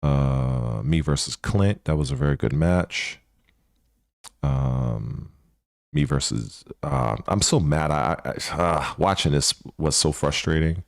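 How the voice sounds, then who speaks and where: Very deep, slow, gravelly-voiced man. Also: dry recording, studio quality. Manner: slow, mumbling, searching aloud. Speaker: channel host. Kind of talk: casual vlog commentary.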